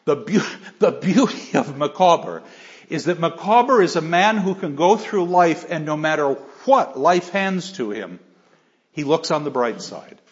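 Animated male literature lecturer. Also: fairly high pitch, a little slow. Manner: animated, emphatic, with frequent restarts. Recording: slightly dull lo-fi recording.

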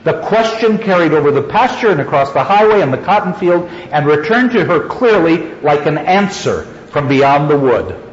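Man reading literature aloud, slow, lively pitch, lo-fi echoey hall. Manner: slow, expressive dramatic reading. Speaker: lecturer.

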